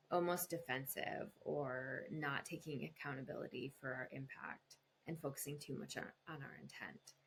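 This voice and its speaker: As a podcast guest, a woman who works as a couples therapist answers interview questions conversationally and calmly explains, acting out voices in quoted examples with big pitch jumps. Her voice is creaky, and there's a little hiss or hum.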